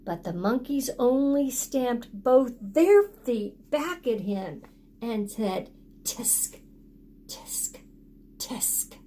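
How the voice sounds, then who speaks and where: A woman reading a picture book aloud to children, pausing often to ask them to join in with actions. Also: fairly high pitch, lively intonation, warm tone, slight background noise. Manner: interactive, prompting children to act along. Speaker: storytime reader for children.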